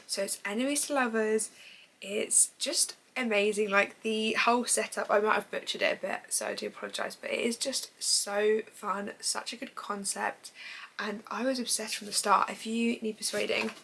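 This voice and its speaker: A woman's voice: mid-range voice, fairly even intonation, normal speed, vocal fry, fairly bright tone, a little hiss or hum, rough recording. A young woman, chatting casually about books she has read, rambling and gushing. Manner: chatty and rambling, full of fillers like "basically"; gushing and enthusiastic. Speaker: book vlogger. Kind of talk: casual book review chat.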